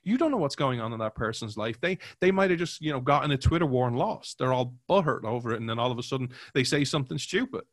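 A man's voice: mid-range voice, animated, fast, hardly any pauses, no room sound, clean studio sound. A man co-hosting a podcast, talking casually and animatedly, acting out quoted voices and using many fillers. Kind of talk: casual conversational commentary.

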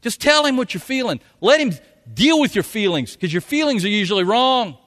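A pastor delivers a folksy sermon in a high, bright voice, a little fast and with big swings in pitch. Occasionally he breaks into loud, acted-out quotes. His words echo through a large hall with long reverb.

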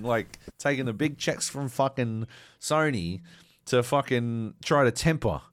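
Animated, sweary man ranting on a podcast. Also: mid-range voice, unhurried, no room sound. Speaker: podcast co-host. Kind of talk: casual podcast banter.

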